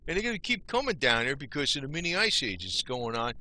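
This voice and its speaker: Big pitch swings and a quick pace mark this older vlogger's medium, pushed, bright voice. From Northeast New Jersey, he rambles to the camera in a folksy rant, swearing a little and tossing in "you know?" constantly.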